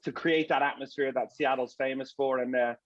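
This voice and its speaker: A man speaking as a soccer broadcaster on a panel, animated and often restarting his words. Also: mid-range voice, brisk, no room sound, dull audio. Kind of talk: casual panel discussion.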